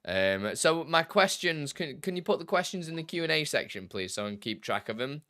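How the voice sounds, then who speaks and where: A man's voice: on the high side, big pitch swings, a little fast, sharp tone, no room sound, clean studio sound. A young man chatting casually on a live stream, greeting viewers by name and laughing easily as he takes tech questions.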